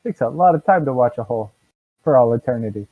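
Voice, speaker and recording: A man's voice: medium pitch, animated, fast, dry recording, narrow, tinny audio, close to an everyday voice. A man voicing an anxious, friendly male jail guard paladin who rambles and frets. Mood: fretful. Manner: fretful, rambling, full of ums.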